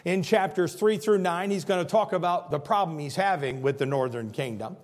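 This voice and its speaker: An earnest male pastor preaches in a church with a high voice. His phrases often restart. He builds to loud emphasis, then drops to a hushed intensity. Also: normal speed. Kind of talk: sermon.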